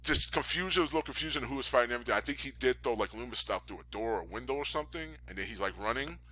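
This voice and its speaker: A man casually recapping a wrestling show, animatedly acting out scenes with high yelps. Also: expressive, racing, sharp tone. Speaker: podcast host reviewing wrestling.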